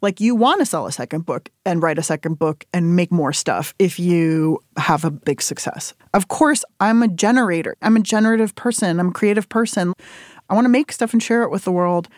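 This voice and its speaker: A woman in her forties, a cookbook author talking candidly in an interview, animated and quick to laugh, leaping up in pitch whenever she quotes herself. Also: no room sound, studio quality. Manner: animated storytelling, jumps high when quoting herself, laughs often.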